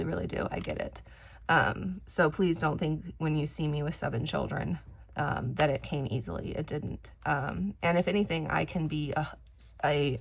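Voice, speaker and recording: Low, gravelly-voiced woman chatting candidly. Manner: rambling, candid, many fillers and restarts. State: slightly crackly, dry voice. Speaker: craft vlogger. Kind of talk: casual chat while crafting.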